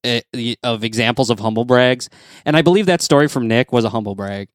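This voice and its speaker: A man co-hosting a casual podcast chat, teasing his friends and hedging his points with halting restarts. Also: mid-range voice, clear, resonant tone, no room sound, studio quality. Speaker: podcast co-host.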